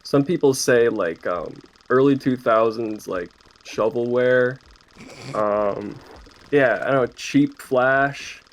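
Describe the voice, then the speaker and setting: A young man, an indie game developer, talking casually as an interview guest and pausing often with fillers and restarts. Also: mid-range voice. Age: young adult. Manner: hesitant, many fillers and restarts.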